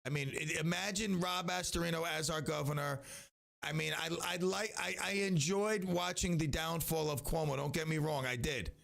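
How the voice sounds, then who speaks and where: A middle-aged man hosting a local radio show in casual chat, rambling and self-interrupting, now and then breaking into loud singing. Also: a little high, moderate pace, gravelly.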